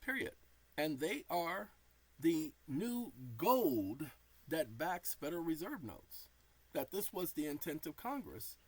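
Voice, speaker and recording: A man's voice: a little high, very animated, takes it slowly, slightly rough, no room sound, low-quality recording. A tired man talking casually to his viewers, spelling out commas and periods as he dictates. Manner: dictates punctuation aloud while reading. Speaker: channel host. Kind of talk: casual talk to camera.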